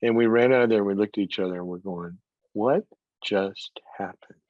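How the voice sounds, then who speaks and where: Animated storytelling man, low voice. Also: fairly quick, dry recording. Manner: animated storyteller, laughs often, repeats words. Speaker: psychologist and speaker. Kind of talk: storytelling motivational talk. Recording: dry, slightly dull sound.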